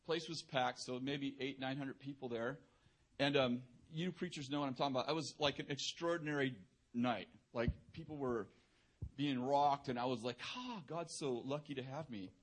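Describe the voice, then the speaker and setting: A man's voice: medium pitch, fairly even intonation, moderate pace. A male preacher speaks in a mid-range voice, with easygoing and conversational delivery. He keeps poking fun at himself and chuckles as he goes. The sermon feels loose and anecdotal. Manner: humorous, self-deprecating, laughing through anecdotes; casual, conversational, filler-heavy. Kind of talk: sermon with personal storytelling.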